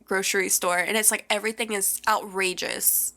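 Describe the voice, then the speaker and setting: Chatty young woman with a vocal-fry edge. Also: medium pitch, steady tone, moderate pace, sharp tone. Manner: chatty, rambling, peppers speech with "like". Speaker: podcast co-host. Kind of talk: casual celebrity gossip chat.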